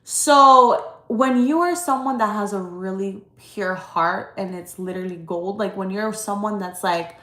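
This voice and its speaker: A woman with a mid-range, slightly bright voice talks a little slowly but with hardly any pauses, the room giving a roomy echo. She hosts a casual livestream and owns a credit repair business, and here she vents to viewers in a blunt, emphatic, heavily profane rant.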